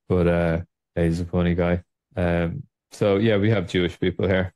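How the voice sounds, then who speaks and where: A man's voice: deep voice, little pitch movement, moderate pace, a little mellow. A man co-hosting a trading show, chatting casually and jokingly about markets, rambling and laughing often. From Ireland.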